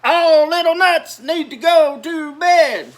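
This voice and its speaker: A man voicing a big, stern mother nut who scolds her children loudly at bedtime. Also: sing-song, slow, full character voice. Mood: scolding. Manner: loud, booming scold.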